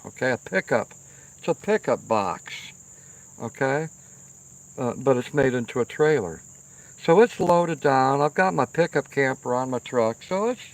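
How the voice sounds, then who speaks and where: A middle-aged man hosting a livestream, telling a rambling, profane story outdoors and often checking in with "okay?". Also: medium pitch. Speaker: livestream host. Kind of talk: casual storytelling. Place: outdoors by a fire pit at night.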